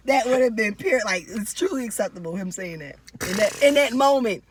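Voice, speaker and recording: A woman's voice: on the high side, animated, a little slow, a crowd in the background. A woman co-hosting a podcast in laid-back casual chat, sick with a cold. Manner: laid-back, laughing banter. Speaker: podcast co-host. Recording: noisy background.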